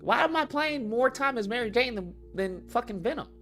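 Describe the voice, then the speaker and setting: A man livestreams an unscripted, heated rant about video games, swearing heavily, repeating himself, and reading chat comments aloud. His voice is extremely high-pitched and animated, with a sharp tone at a normal speed.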